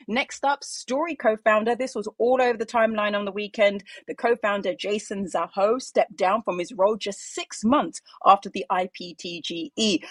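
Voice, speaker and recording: A woman's voice: mid-range voice, breathy edge, no echo. A woman co-hosting a podcast, chatting in a playful, upbeat way and reading a market news roundup. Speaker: co-host.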